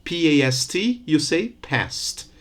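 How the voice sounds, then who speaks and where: A man giving a recorded university phonetics lesson, Portuguese his first language, repeating sounds and examples deliberately. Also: medium pitch, expressive. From Brazil. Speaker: university lecturer.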